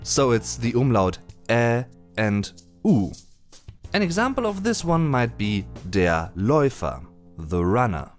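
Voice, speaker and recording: A man giving a voice-over lesson on pronunciation, patiently spelling out and demonstrating sounds slowly. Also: medium pitch, sing-song, soft background music. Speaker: German language teacher. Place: indoors at home during a thunderstorm. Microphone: voice-over, no camera.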